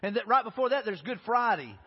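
A man's voice: high voice, expressive, fast, husky. A male pastor, preaching a sermon in an earnest way, often restarting and repeating words. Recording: dull recording in a reverberant hall.

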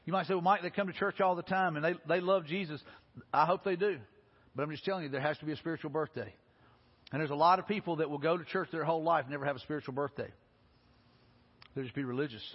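A man preaching a sermon, telling stories in a folksy, animated way. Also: a little high, fast, slightly rough. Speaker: pastor. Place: church sanctuary. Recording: lo-fi recording with long hall reverb.

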